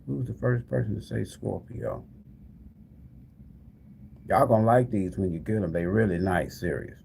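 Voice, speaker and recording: Gravelly low-voiced man calling out to viewers. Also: steady tone, a little slow, a little mellow, slight background noise. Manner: repeats the same calls over and over, chatty and informal; talks straight to the viewers as "y'all". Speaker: tarot live-stream host. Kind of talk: casual live-stream chat, giving away prizes.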